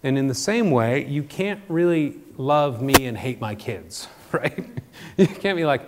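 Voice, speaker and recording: A middle-aged man preaching a sermon as a pastor, conversational and joking, swinging between loud emphatic bursts and quiet low asides. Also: lively intonation, a little slow, noisy background. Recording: long reverb of a large hall.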